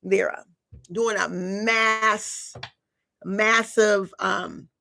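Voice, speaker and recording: A woman's voice: medium pitch, steady tone, very slow, creaky, pushed and bright. A woman giving a live collective tarot reading, talking casually and directly to her viewers with slang and frequent chatty asides. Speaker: tarot reader.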